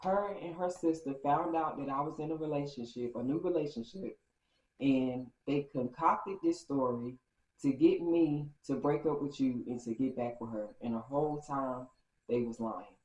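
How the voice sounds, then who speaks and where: A woman voicing a teenage boy who calmly explains himself and tries to smooth things over. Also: a bass voice, moderate pace. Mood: placating. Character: teenage boy, earnest and placating. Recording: roomy, dull lo-fi sound.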